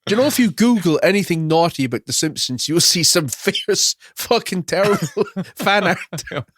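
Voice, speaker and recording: A man co-hosting a podcast, chatting casually with teasing quick quips. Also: high-pitched, lively intonation, fairly bright tone, dry recording, studio quality. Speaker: podcast co-host. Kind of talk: casual chat.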